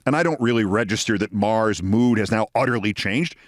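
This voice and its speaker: Speaking briskly in a lowish voice, a host delivers a lengthy personal story as a monologue, animatedly performing the quotes of each person involved. The studio sound is clean, with no room sound.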